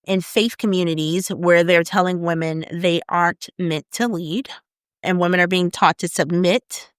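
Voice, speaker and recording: A woman co-hosting a podcast in casual chat, leading the talk through topics with lively, animated delivery and quick murmurs of agreement. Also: fairly low pitch, clear, resonant tone, dry recording, clean studio sound. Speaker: podcast co-host.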